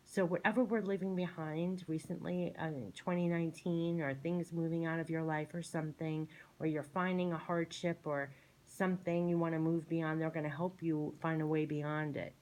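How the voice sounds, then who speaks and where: A woman's voice: sits low, flat delivery, normal speed, darkish tone, low-quality recording. A woman reading oracle cards in a soothing, gushing way, often repeating her phrases. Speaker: tarot and oracle card reader. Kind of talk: spiritual card reading monologue. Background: shuffling cards.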